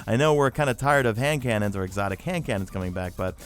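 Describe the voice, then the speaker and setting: A man from New York with a toned-down New York accent, hosting a casual gaming Q&A chat with lots of fillers. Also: lowish voice. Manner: animated, fast-talking with many fillers. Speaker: YouTube gaming host.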